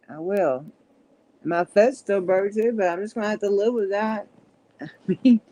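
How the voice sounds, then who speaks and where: A woman's voice: on the low side, a little mellow. A middle-aged woman with a heavy Southern country accent, chatting casually on a livestream and sometimes stumbling over her words. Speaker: livestream host. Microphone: phone.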